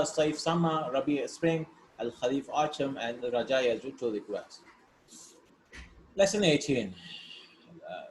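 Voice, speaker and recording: A man's voice: fairly high pitch, echoey room, a little hiss or hum, rough recording. A man teaching a grammar lesson, explaining patiently and often checking in with his students by asking "right?". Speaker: Arabic teacher.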